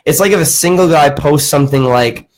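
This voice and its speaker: A man's voice: fairly high pitch, fairly quick, rough recording. A man hosting a casual podcast, telling a long story as a profane rant. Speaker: podcast host. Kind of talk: casual chat.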